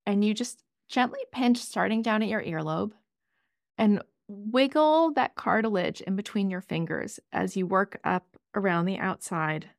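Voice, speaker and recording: A woman podcast co-host and parent, gently walking listeners through calming exercises in a casual chat. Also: mid-range voice, unhurried, vocal fry, no echo, clean studio sound. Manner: gentle, instructive, sing-songy with kids' exercises.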